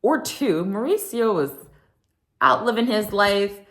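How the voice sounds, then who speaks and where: A woman hosting a casual, gossipy recap of a reality show, with many ums and likes, getting animated when she quotes the cast. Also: mid-range voice, unhurried. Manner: gossipy, animated when quoting others, lots of um and like.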